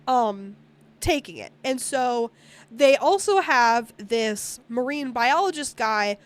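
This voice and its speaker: A woman's voice: a little high, sing-song, drawn-out words. A woman streamer casually recapping a movie, rambling, swearing often and acting out the characters' lines. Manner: rambling, frequent swearing, acts out character quotes.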